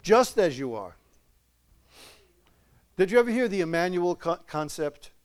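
An older man gives a loose, folksy sermon, chuckling between points and firing questions at his listeners. His voice sits a little high for a man. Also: big pitch swings, unhurried, clear, resonant tone. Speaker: preacher. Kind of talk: conversational sermon.

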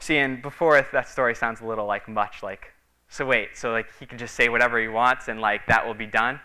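A man preaching in a relaxed, chatty way, telling stories and filling pauses with little fillers. His voice is very bright and crisp, sitting at an ordinary pitch, and it lifts when he acts out the people in his stories. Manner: conversational storytelling, many fillers. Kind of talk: sermon.

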